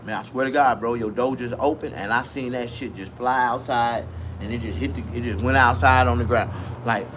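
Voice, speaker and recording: A man telling a comic story in a profane, rambling, animated way. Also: medium pitch, fairly quick, background noise.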